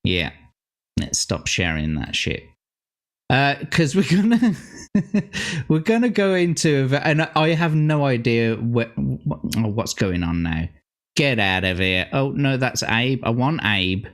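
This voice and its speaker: Brief: male co-host, unhurried delivery, giggly and profane, loose livestream banter. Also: mid-range voice, animated. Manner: laughs often, swears freely. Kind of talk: casual livestream chat.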